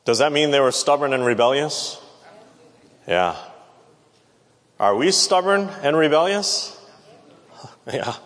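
A man's voice: fairly high pitch, expressive, takes it slowly, pauses often, fairly bright tone. A man preaching a Bible lesson, talking conversationally and asking the audience questions. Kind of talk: Bible teaching sermon. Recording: long reverb of a large hall.

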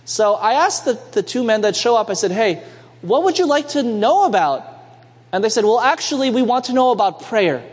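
A young man from Canada preaching a sermon, telling a lively story and asking the congregation for amens. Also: high voice, normal speed, breathy edge. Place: church sanctuary. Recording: long reverb in a church hall.

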